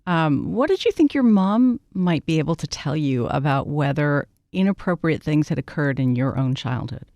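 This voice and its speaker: A woman hosting a radio interview, asking measured, probing questions. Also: low-pitched, lively intonation, warm tone, dry recording. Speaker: radio host.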